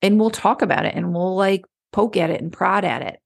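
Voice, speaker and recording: A woman coach talks in a relaxed, conversational way, as if chatting with a friend. Her voice carries a noticeable gravelly fry. She keeps slipping into little acted-out inner voices to make her point. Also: mid-range voice, fairly quick. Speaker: clarity coach. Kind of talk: casual motivational talk.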